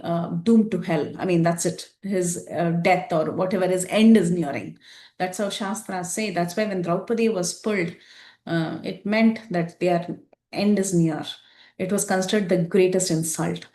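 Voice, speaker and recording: A woman teaching a scripture class, retelling an epic story in an animated way with many fillers. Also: fairly low pitch, reverberant.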